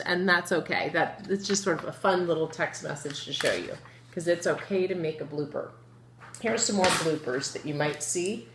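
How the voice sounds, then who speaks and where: Woman teaching phonics in an echoey room. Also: fairly low pitch. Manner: slow, drawn-out sounding of words; lively, encouraging, asks the children questions. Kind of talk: phonics lesson for young children. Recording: echoey room with faint noise.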